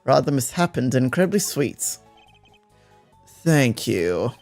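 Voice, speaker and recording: A man reading the lines of a composed, formal male prosecutor in a mystery game, measured and deliberate. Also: medium pitch, very animated, a little mellow, faint music behind. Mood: dry.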